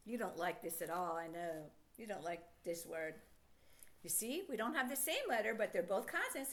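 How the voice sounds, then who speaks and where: Middle-aged woman teacher, high and animated, coaxing a child through phonics with encouraging questions.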